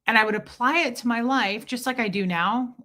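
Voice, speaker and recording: A woman with a bright, forceful voice talks casually on her livestream, rambling and restarting her sentences. She keeps breaking off to greet viewers and answer their comments. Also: on the high side, a little fast. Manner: chatty and rambling, with frequent restarts and asides to viewers. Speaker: YouTube livestream host.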